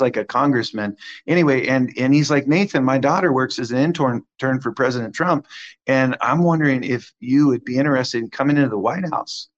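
A man giving a conversational testimony as a guest minister, animated and acting out the quotes of the people in his story. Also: mid-range voice, lo-fi sound.

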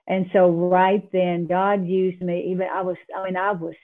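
A woman guest sharing a personal faith testimony, telling it in a quick, emphatic, animated way with some laughs. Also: on the low side. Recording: tinny phone line.

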